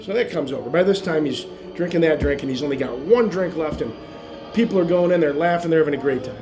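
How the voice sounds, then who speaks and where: Man telling a bar joke, slightly high voice, lots of fillers, music playing underneath. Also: quick pace. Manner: rambling storytelling with many fillers, growing louder and higher toward the punchline. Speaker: joke teller.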